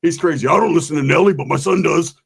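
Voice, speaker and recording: A man throws in gruff wisecracks in a heavily gravelly, raspy voice, fairly high for a man. His tone stays casual and sardonic, and he talks like one of the crew sitting at the table. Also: fast. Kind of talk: casual comedic banter.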